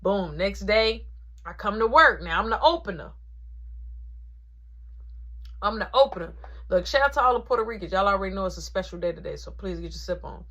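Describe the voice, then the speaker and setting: Animated woman telling a casual story. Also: medium pitch, fast, muffled recording. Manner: animated, slangy, acts out quotes. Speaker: storyteller recounting a work story.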